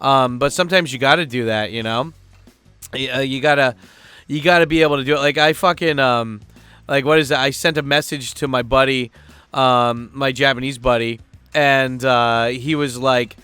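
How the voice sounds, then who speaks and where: A man's voice: medium pitch, moderate pace, sharp tone, smooth, dry recording, soft background music. A man living abroad, telling a story in a casual vlog rant, rambling and swearing freely. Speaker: vlogger living in Japan.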